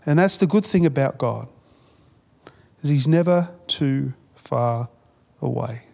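A man's voice: mid-range voice, takes it slowly, gravelly, darkish tone. Earnest male pastor in a reverberant hall. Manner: earnest, repeats phrases, frequent restarts. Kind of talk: conversational sermon.

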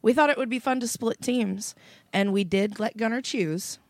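A woman's voice: fairly high pitch, moderate pace, no echo. A woman co-hosting a podcast in casual comedic chat, laughing a lot and swearing freely. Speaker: podcast co-host.

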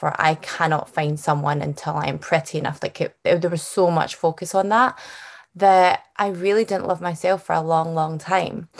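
Scottish woman from glasgow, thirties, lower voice, earnest and open, lots of ums. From Scotland. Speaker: guest author. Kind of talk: podcast interview.

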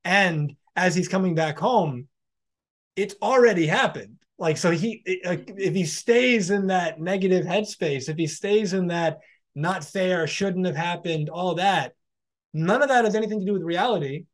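Man, fairly high voice, podcast host, reflective, casual chat. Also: moderate pace. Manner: reflective, loose filler-heavy phrasing.

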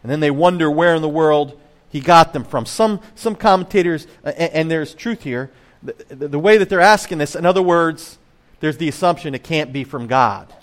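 A man's voice: on the high side, moderate pace. A man preaching a sermon in a conversational way, full of rhetorical questions and acted-out voices of the crowd. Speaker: pastor.

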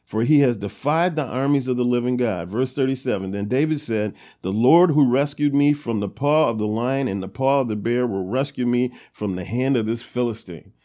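A man's voice: mid-range voice, normal speed, hardly any pauses, dark tone. A man hosting a Bible study, reading verses aloud and retelling them in a loose, conversational way with many fillers. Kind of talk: casual Bible teaching, reading and retelling scripture.

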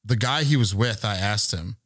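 A man's voice: on the low side, moderate pace, a bit bright, no echo, clean studio sound. A man on a podcast telling a long story in casual chat, rambling and swearing freely as he acts out what people said. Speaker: podcast co-host.

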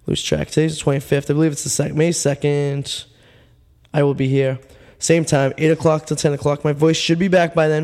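Rambling man, echoey. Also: a little high. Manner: rambling, deadpan absurd humor with many fillers. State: losing his voice. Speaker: radio show host. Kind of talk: casual storytelling monologue.

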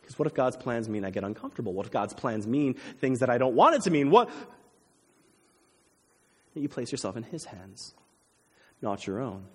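A man preaching a sermon as pastor, animated, swinging between loud emphasis and hushed intensity. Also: mid-range voice, moderate pace, long pauses, slightly rough. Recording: long hall reverb.

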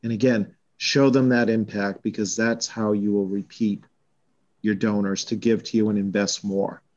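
Boston-accented man, measured fundraising talk. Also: fairly low pitch, level tone, darkish tone, lo-fi sound. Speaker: college fundraising vice president. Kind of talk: podcast conversation.

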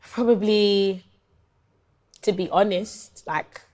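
A woman's voice: medium pitch, slow pace, dark tone. A woman in her twenties with a London accent, a guest telling stories in a casual interview, full of ums and likes. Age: 20s. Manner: chatty storyteller, many ums and likes. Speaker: guest, singer-songwriter.

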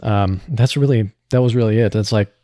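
A man's voice: fairly low pitch, brisk, dark tone, no echo, clean studio sound. A man who voices a character on a podcast, talking it over in a reflective, rambling way with many restarts. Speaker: voice actor. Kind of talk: casual podcast chat.

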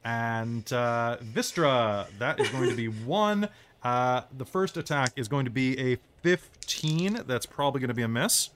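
A woman running a tabletop game as game master, narrating combat in vivid, measured detail. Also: rumbling low, expressive, slight background noise.

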